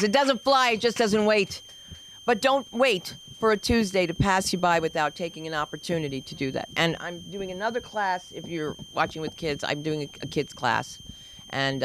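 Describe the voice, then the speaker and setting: A woman's voice: sits low, a little hiss or hum, poor audio. A woman co-hosting a comedy open mic on stage, rambling playfully and riffing on names before bringing up the next comic. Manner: rambling, playful, sing-song name riffs. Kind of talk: stand-up emcee banter.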